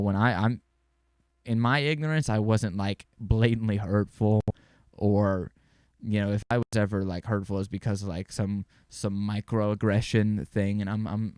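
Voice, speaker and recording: A man's voice: on the low side, darkish tone, smooth, no echo, clean studio sound. A young man hosting his own podcast, talking casually and rambling, with frequent swearing and easy laughs. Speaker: podcast host. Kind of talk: casual solo podcast talk.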